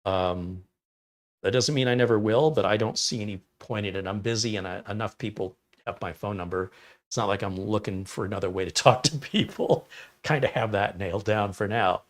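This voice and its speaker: A man with a somewhat low voice hosts a casual livestream from a home studio. He rambles and gives blunt opinions, reading viewers' chat comments aloud and answering them in a loose, conversational way. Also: a little fast. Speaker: livestream host reviewing mini PCs.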